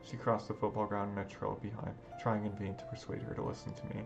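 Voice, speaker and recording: A man's voice: lowish voice, flat delivery, fast, creaky, lo-fi sound. A man hosting a let's play, reading a visual novel's first-person narration earnestly. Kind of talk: reading game narration aloud. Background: background game music.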